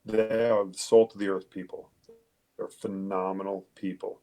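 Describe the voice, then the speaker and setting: A man's voice: low-pitched, level tone, normal speed, mellow, soft background music. A police detective, a man, telling his story bluntly and with heavy swearing in a conversational interview. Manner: blunt, profane, emphatic. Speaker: police detective, podcast guest.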